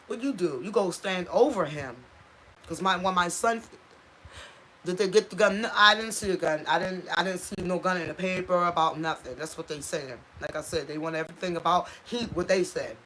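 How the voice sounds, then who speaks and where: On a live stream from her home, a woman speaks with a fairly low pitch and a fairly bright tone over a bit of hiss or hum. Emotional and raw, she repeats herself to stress points and breaks off to thank viewers.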